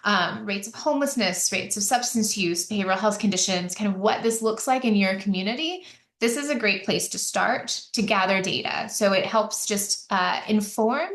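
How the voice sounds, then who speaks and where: A woman's voice: mid-range voice, normal speed, a bit bright. A woman giving a conversational webinar presentation, with frequent fillers and restarts. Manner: chatty, many fillers and restarts. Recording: echoey room.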